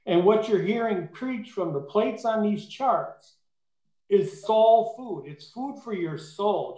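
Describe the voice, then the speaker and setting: A man preaching a sermon in an emphatic way, rising to fervent peaks. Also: high voice. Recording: echoey room.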